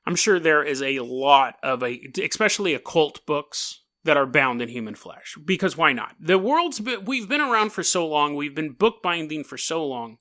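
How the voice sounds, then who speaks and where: A man's voice: on the high side, very animated, normal speed, few pauses, sharp tone. A man hosting a podcast in casual talk, joking and chuckling through his asides. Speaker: podcast host.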